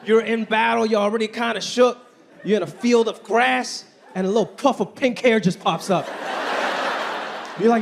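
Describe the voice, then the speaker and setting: A man doing stand-up, animated and laughing through his lines, with loud impressions. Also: high-pitched, normal speed, creaky, a little hiss or hum. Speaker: stand-up comedian. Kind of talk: stand-up set.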